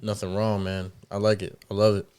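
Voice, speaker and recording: A man's voice: fairly low pitch, little pitch movement, fairly quick, a little mellow, clear, resonant tone. A man co-hosting a casual podcast, easygoing and upbeat, often tacking "man" onto his lines. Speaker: podcast co-host. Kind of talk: casual chat.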